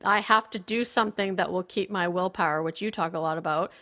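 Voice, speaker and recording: A woman guest on a podcast, talking candidly and telling her story in an animated, casual way. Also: fairly low pitch, a little fast. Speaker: podcast guest, performance consultant.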